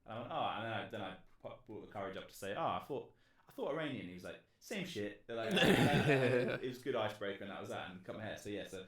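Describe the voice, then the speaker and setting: An English man tells a story at a rapid clip, in a low voice, tripping over his own words and swearing freely. The room is echoey around him. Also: expressive, crowd noise. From England. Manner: rambling, swearing, many restarts. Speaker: podcast co-host. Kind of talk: casual chat over drinks.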